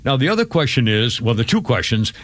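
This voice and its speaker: A man's voice: mid-range voice, very animated, fairly quick, no room sound, clean studio sound. A man hosting a radio talk show, chatting casually with callers and a co-host, with frequent restarts and laughter.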